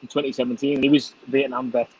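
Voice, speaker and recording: A man's voice: medium pitch, little pitch movement, fast talker, a little mellow, breathy edge, lo-fi sound. A middle-aged man hosting a casual chat, laughing and swearing freely. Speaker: host.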